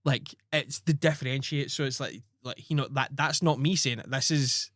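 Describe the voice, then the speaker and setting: A man's voice: medium pitch, steady tone, normal speed, a bit bright, no room sound, clean studio sound. A man chatting casually as a podcast co-host and dungeon master, rambling with filler words. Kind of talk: casual chat.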